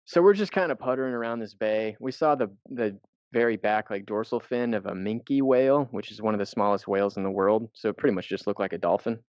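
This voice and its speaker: On dull, dry lo-fi podcast audio, an American co-host loosely rambles through a travel story with casual swearing. He talks briskly in a lowish, smooth, darkish voice with no echo.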